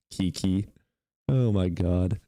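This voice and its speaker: Young guy streaming, mocks callers and chat, swears a lot, deep mellow voice. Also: expressive, drawn-out words, dry recording, studio quality. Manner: taunting and mocking, swears, bursts into laughter. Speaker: streamer hosting call-in debates. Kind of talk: livestream debate with chat.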